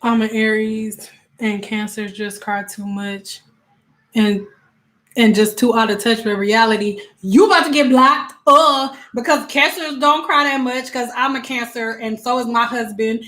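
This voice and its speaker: A woman with a somewhat high voice chats casually on a livestream, talking straight to her viewers and reacting to their comments. She laughs a lot as she talks and slips into quick, animated voices whenever she quotes someone. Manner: laughs often while talking. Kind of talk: casual chat answering live comments.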